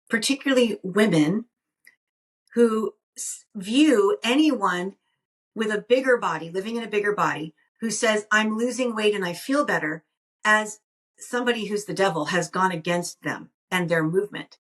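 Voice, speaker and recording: A woman's voice: mid-range voice, a bit bright. A woman co-hosting a podcast, telling stories animatedly and often restarting her sentences. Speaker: podcast co-host. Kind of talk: casual storytelling chat. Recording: voice heard from a distance off the mic.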